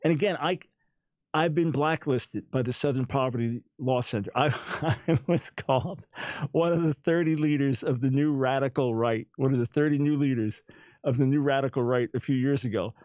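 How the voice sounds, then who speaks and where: A man's voice: mid-range voice, normal speed, a little mellow, no echo. A man hosting a talk show, speaking in an emphatic, incredulous monologue and often repeating words as he makes his points. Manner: speaks with a smile, not taking it personally.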